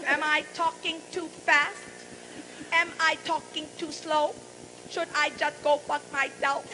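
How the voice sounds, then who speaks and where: A woman with a high, brassy voice works through bawdy stage jokes, salty and mock-forgetful as she goes. She is recorded live in a large, boomy venue. Loud audience noise sits under her the whole time. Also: flat delivery, a little slow. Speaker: stand-up comedian and singer.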